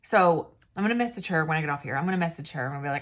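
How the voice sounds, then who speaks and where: A woman talks straight to her viewers in a casual, rambling way, restarting sentences and trailing off. Her voice sits a little low for a woman. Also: expressive, very fast. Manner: rambling, chatty, self-interrupting. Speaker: independent sales consultant. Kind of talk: casual talking-to-camera advice.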